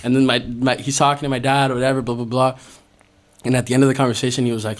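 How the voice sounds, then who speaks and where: A young man on a podcast spins a story for his friends, loose and loud with swearing. His voice sits at an everyday middle pitch. He reenacts the moments as he tells them. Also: racing. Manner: animated, profane, laughing storyteller. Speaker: podcast host. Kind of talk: casual storytelling among friends. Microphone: podcast studio mic.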